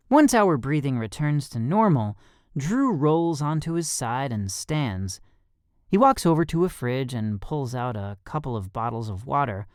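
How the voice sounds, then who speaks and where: A man narrating a young adult thriller audiobook in first person, expressive and lively. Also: medium pitch, a little slow, smooth, no room sound, studio quality.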